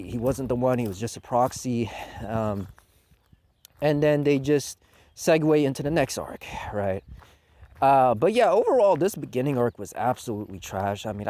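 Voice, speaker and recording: A man giving a casual manga review, sarcastic and mocking with rough language. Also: medium pitch, warm tone, slight background noise.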